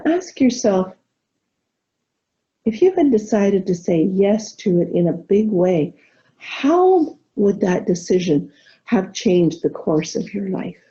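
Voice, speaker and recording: A woman minister giving a gentle, reflective sermon, telling a story and leading soft spoken affirmations. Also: medium pitch, very animated, slow pace. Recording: dull lo-fi recording.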